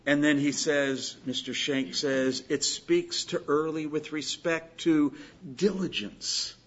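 Husky slow-talking preacher guy in a sermon, goes from loud pleading to quiet stories, kinda muffled recording. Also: on the high side. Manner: pleading, swings from loud exhortation to quiet storytelling. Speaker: pastor.

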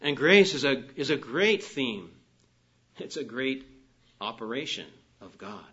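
A man preaching a sermon, earnest and emphatic, lifting his voice on key phrases and dropping soft at the ends of sentences. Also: medium pitch, sing-song, unhurried, breathy edge. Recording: dull lo-fi recording.

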